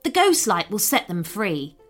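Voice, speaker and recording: A smug little magic mouse barks and snaps his orders in a storybook tale, as a woman puts him on. The voice sits a touch high and swings widely in pitch. Soft music plays faintly behind. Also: sing-song. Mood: bossy. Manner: snappish, brisk, commanding.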